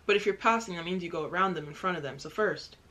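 A woman's voice: fairly low pitch, quick pace, fairly bright tone. A young woman from the United States hosting a reaction video, chatty and self-mocking, laughing easily. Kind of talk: casual reaction commentary.

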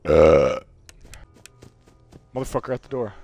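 A young man streaming a horror game, swearing and screaming in panic as he goes hoarse from yelling. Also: sits high, big pitch swings, moderate pace, dry recording, muffled recording, soft background music. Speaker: gaming streamer. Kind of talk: horror game playthrough commentary.

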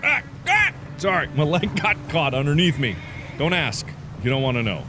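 A man in his thirties commentating on his own gameplay in a goofy, animated way, with sudden bursts of yelling. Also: on the high side, normal speed, background noise. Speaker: gaming video host.

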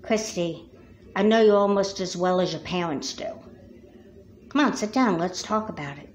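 A woman's voice: medium pitch, moderate pace, slight background noise, lightly acted. A woman voicing a loyal, stubborn best friend in a doll movie who coaxes her friend to talk. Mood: coaxing. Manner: coaxing and stubborn.

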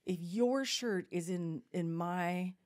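Mellow-voiced woman telling family stories. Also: fairly low pitch, slow. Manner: animated, acts out voices in quotes. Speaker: podcast host. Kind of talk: casual storytelling chat.

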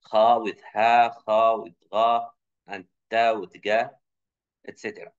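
A man giving an academic conference talk, explaining slides with many fillers and restarts. English is not his first language; he grew up speaking Tunisian Arabic. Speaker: conference presenter. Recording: muffled low-fidelity recording.

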